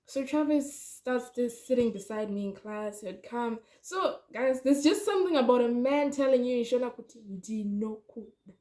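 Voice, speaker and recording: A young woman telling a storytime vlog, animated and chatty, talking straight to her viewers. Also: a little high, normal speed, few pauses. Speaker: vlogger.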